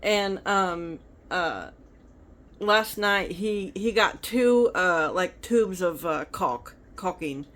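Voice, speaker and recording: A woman's voice: fairly low pitch, takes it slowly, fairly bright tone. A woman telling rambling stories in a casual vlog, talking into her phone. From United States. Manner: chatty, rambling. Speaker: vlogger.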